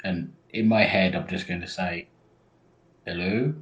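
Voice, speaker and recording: A man's voice: low voice, steady tone, normal speed, a bit bright, lo-fi sound. A man, playing a tabletop game in a dry, laid-back way. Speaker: player. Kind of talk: casual tabletop play.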